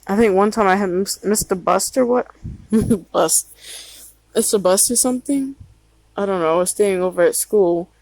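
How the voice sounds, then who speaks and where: A woman's voice: mid-range voice, normal speed, darkish tone, poor audio. A woman telling a story in a casual vlog. She rambles, swears often and trails off mid-thought. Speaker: vlogger.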